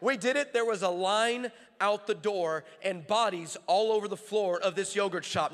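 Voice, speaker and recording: A man preaching a sermon in a high, bright voice, driving his points home with rhythmic repetition. He swings from storytelling into impassioned near-shouts. The sound rings with the long reverb of a large hall. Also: moderate pace, few pauses.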